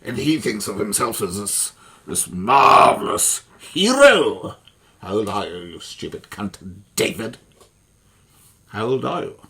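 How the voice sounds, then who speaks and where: Furious, gravelly man ranting. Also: on the low side, expressive, normal speed, fairly bright tone. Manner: furious, swearing, repetitive. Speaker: online commentator. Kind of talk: angry ranting monologue.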